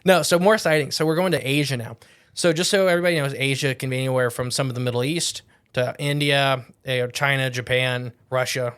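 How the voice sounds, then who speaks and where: Man, podcast co-host, casual chat, rambling, jokey, self-correcting, average pitch. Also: fairly quick, a bit bright, clear, resonant tone.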